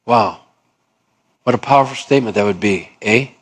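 A middle-aged man preaching a sermon as pastor, emphatic, acting out quoted dialogues with shifting pitch. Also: moderate pace, breathy edge.

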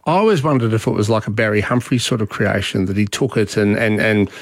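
A man hosting a talkback radio show, taking calls in a relaxed, conversational way. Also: lowish voice, fast, no room sound, clean studio sound. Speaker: radio host. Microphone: studio microphone.

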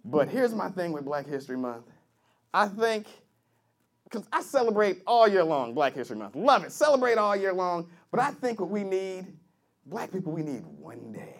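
A man delivers a stand-up set in a very high voice. He is loud and punchy, pressing hard on each punchline. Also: sing-song, moderate pace. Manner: loud, punchy, acts out characters. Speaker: stand-up comedian. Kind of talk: stand-up routine.

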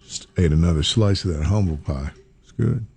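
A man's voice: low-pitched, normal speed, gravelly, husky. A man telling a comic story in a casual chat, drawling and breaking into laughter. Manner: animated, breaks into laughter, drawling Southern vernacular. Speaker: storyteller in a two-person chat.

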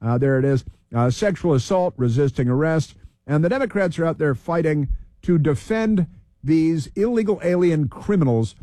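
A man's voice: a little high, animated, normal speed, mellow, dry recording, clean studio sound. A man hosting political talk radio, heated, repeating himself and reeling off long lists.

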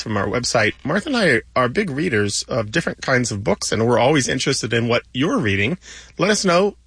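A man's voice: mid-range voice, a bit bright, slightly rough, no echo. Patient man explaining words on radio. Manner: patient, explains word lore step by step. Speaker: radio show co-host on language. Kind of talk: casual explanatory radio chat. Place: radio studio. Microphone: studio microphone.

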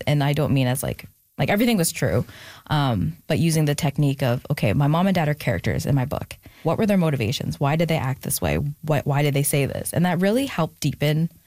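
A woman's voice: low-pitched, darkish tone, no room sound. A woman author being interviewed, talking in an earnest, reflective way with fillers. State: emotional, near tears at times. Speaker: author, guest. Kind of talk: casual interview talk.

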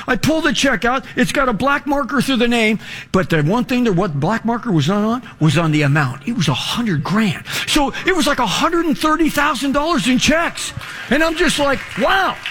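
A man preaching a sermon, telling a story in an animated way, often laughing and swinging his voice up and down. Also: very high-pitched. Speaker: pastor. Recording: long hall reverb.

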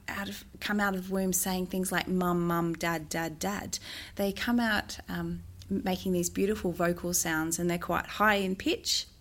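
A woman, a music therapist, explaining in an interview with a gentle manner and bursts of sing-song baby talk. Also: fairly low pitch. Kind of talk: interview answers.

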